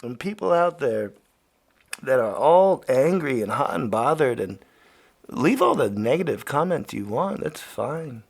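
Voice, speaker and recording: A man hosting a podcast, rambling casually and swearing often, swinging from loud rants to quiet mutters. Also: medium pitch, sing-song, unhurried, creaky. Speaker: podcast host. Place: Los Angeles.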